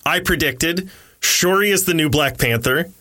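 A young man with a bright, forceful voice, reviewing a film in a loose, joking podcast chat. His delivery is animated and he laughs easily. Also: a little high, unhurried. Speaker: podcast co-host. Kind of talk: casual movie review chat.

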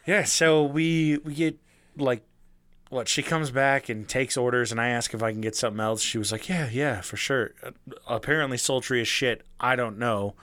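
A young man telling a story in casual chat, animated, swearing freely and acting out the people he quotes. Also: medium pitch, normal speed, no room sound.

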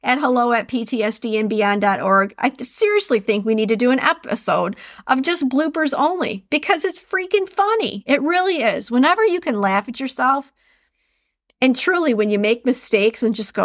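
A woman hosting a solo podcast, reading quotes aloud and chatting casually, laughing at her own slips in an animated way. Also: high-pitched, moderate pace, dry recording, studio quality. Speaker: podcast host.

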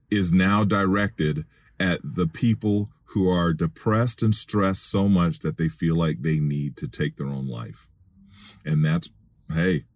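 A middle-aged man with a very low voice, preaching on his podcast while sitting in his car. He pleads earnestly with listeners and lifts his voice into emphatic appeals. The sound is close and dry, with no room around it. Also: a little mellow, no echo. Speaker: podcast host and Christian minister. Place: in a vehicle.

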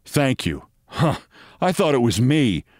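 A man's voice: mid-range voice, big pitch swings, slow, darkish tone, dry recording, clean studio sound. A man putting on the voice of a friendly, curious male team owner within his story, speaking politely and asking questions.

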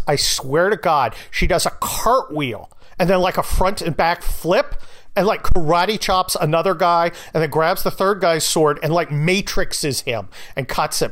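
A man hosting a casual podcast monologue, blunt and sarcastic, swearing freely and telling stories with growing excitement. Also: on the high side. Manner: animated storyteller, gets louder with excitement. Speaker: podcast host and novelist.

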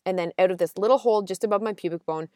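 A young adult woman hosting a casual solo podcast, chatting emotionally with quick asides and restarts. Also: mid-range voice, a little mellow, no echo, studio quality. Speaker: podcast host.

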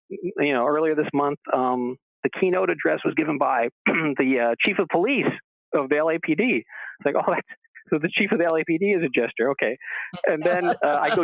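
Male radio guest calling in: slightly high voice, stammering storyteller, tinny dry phone line. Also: no echo. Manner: rambling, stammering restarts, acts out quoted voices. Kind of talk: casual storytelling on a radio show.

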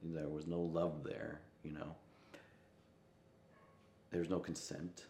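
Deep-voiced man telling a personal story. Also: flat delivery, slow pace, roomy sound, a little hiss or hum. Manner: reflective, quotes voices with soft asides and laughs. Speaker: musician interviewed.

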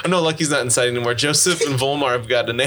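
A man's voice: mid-range voice, racing, pushed and bright. A man running a tabletop game as game master, telling the scene with a laugh and a playful manner. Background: background music.

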